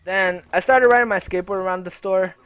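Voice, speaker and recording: Young guy rambling thru a sweary story, kinda high voice, uh you know everywhere. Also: steady tone, a little fast, fairly bright tone, slight background noise. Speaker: gaming video creator. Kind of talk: casual storytelling over gameplay.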